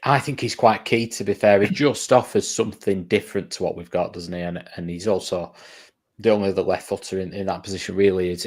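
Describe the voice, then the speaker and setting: A man co-hosting a football podcast, talking in an easygoing way with stammered restarts and tag questions. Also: deep voice. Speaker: podcast co-host. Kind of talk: casual football chat.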